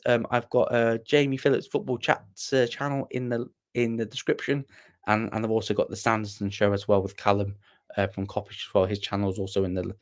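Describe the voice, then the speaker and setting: A man hosting a casual livestream, talking haltingly with many pauses and restarts. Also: mid-range voice. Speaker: channel host.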